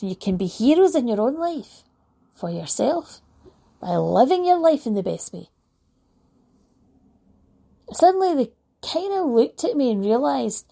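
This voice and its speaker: Woman speaker, motivational talk, storytelling delivery, dark slightly gravelly tone. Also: a little high. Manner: warm anecdotal storytelling, laughs lightly.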